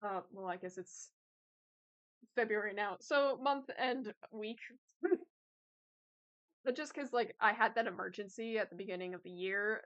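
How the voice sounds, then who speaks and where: A young woman streamer chats casually with her viewers, rambling along with plenty of fillers and laughter. Her voice sits in the middle range with a fairly bright tone. The lo-fi audio sounds slightly dull.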